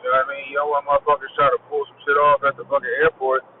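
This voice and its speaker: A man's voice: mid-range voice, rapid-fire. A man in his forties hosting a show, telling stories in loose, profane casual chat. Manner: profane, animated storytelling. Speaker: podcast host. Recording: tinny phone-like audio, faint noise.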